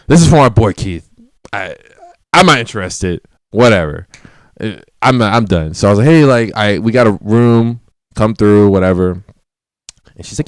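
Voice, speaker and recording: A man's voice: lowish voice, animated, moderate pace, no room sound, clean studio sound. A man telling a party story in casual chat, acting out quotes and laughing often. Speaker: guest.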